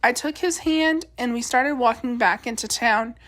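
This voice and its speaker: A woman teacher reading a children's novel aloud in a steady, expressive storytelling voice. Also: fairly high pitch, moderate pace.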